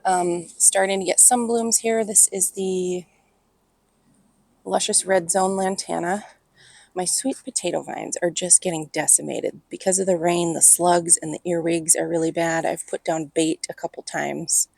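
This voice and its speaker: A woman's voice: lowish voice, fairly even intonation, unhurried, gravelly, a little mellow, no room sound. A woman with an Upper Midwest American accent gives a casual walking tour of her outdoor patio garden, filming on a handheld phone and muttering asides under her breath. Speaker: garden vlogger.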